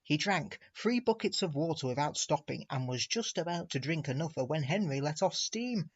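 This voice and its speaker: A man narrating a storybook aloud, expressive and speaking to the listener directly. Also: a little high, moderate pace, highs cut off. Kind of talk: storybook reading.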